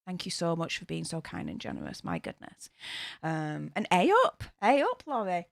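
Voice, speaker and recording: A young woman from Yorkshire, England hosts a YouTube livestream, reading super chats in a blunt, casual style and swearing freely. Her voice sits on the low side with huge pitch swings, vocal fry and a normal pace. The recording is clean studio sound with no echo.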